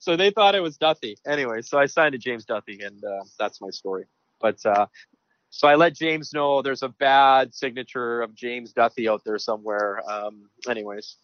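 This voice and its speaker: A man, a sports broadcaster, telling lively anecdotes in a casual interview with many restarts. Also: medium pitch, moderate pace, dry recording. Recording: dry, dull lo-fi sound.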